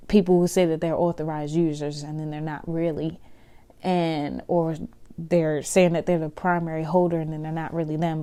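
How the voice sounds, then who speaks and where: A woman's voice: sits low, mellow. A woman hosting her own podcast, chatting casually and laughing often. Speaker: podcast host. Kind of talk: casual solo podcast monologue.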